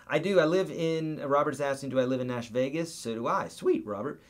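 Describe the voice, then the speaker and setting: With a somewhat high voice and a slightly fast pace, a man hosts a live guitar Q&A. He chats casually, reads viewer comments aloud, and counts out beats and picking patterns.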